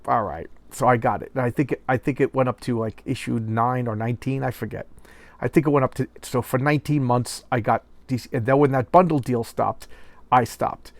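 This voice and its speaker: Gravelly man ranting about comics. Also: mid-range voice, no echo. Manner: exasperated, sarcastic, repeats himself. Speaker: comic book reviewer. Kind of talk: casual ranting review.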